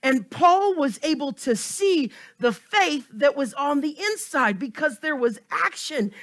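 A man preaching a sermon with passion, swinging between loud emphatic cries and hushed, close asides. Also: very high-pitched.

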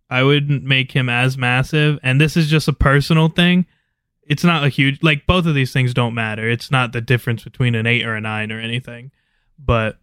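A man's voice: mid-range voice, fairly bright tone, clear, resonant tone, no echo, studio quality. A man co-hosting a podcast in casual chat, opinionated and laid-back, swearing now and then. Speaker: podcast co-host.

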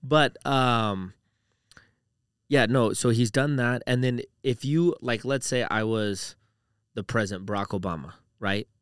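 A man's voice: medium pitch, measured pace, clean tone, no room sound, clean studio sound. A man co-hosting a podcast in casual, rambling chat, full of "like" and "dude". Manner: rambling, uses "like" and "dude" a lot. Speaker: podcast co-host.

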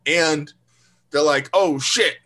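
A man co-hosting a podcast, telling a story in a casual, animated, profane way and acting out quoted lines. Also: a little high, takes it slowly. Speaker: podcast co-host. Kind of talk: casual chat.

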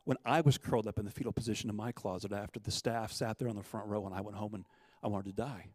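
A middle-aged man giving a personal testimony, telling a story with lively acted-out quotes. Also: lowish voice, fast, dry recording. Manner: animated storyteller, acts out quotes. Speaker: guest storyteller.

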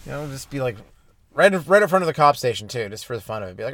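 A young man hosts his own comedy podcast, high and rambling freely from one joke to the next. His voice sits at an ordinary middle pitch. The recording is dry and close, with no room sound. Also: racing, no echo. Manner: loose, rambling, stoned and animated in bits. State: stoned. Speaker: podcast host.

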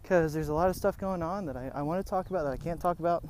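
A winded young man talks while walking a track outside, his voice sitting a little high for a man. He rambles in a tired, low-energy way with sighs, and faint outdoor noise and wind run under the recording. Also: very fast, darkish tone. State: out of breath. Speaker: podcast host. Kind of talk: casual update monologue. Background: wind and outdoor sounds.

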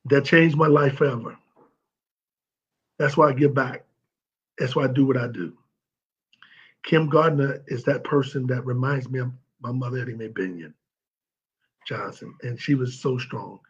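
A man from St. Louis giving an emotional, halting tribute that is full of repeated words. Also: medium pitch, steady tone, breathy edge, lo-fi sound. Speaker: former pro football player speaking at an event. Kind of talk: heartfelt tribute speech.

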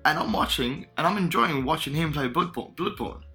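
A man's voice: fairly high pitch, animated, a little fast, pushed and bright, soft background music. A man co-hosting a podcast, chatting casually in a laid-back, joking way. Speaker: podcast co-host. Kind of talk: casual chat.

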